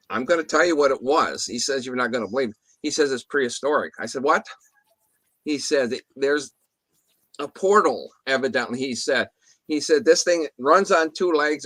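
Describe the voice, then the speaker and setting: A man's voice: mid-range voice, moderate pace, a bit bright, dry recording. A man telling a story in a casual interview, rambling with restarts and mild swearing, acting out what others said. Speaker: guest telling an encounter story.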